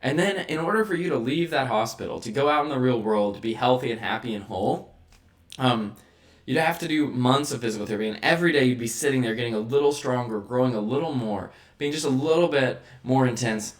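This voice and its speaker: A fast-talking man with a mid-range voice hosts a vlog, delivering a motivational monologue. He's rhetorical, repeatedly checking in with the listener by tagging lines with "right?"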